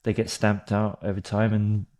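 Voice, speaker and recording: Low, mellow-voiced man. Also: monotone, moderate pace. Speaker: podcast guest. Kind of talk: casual conversation.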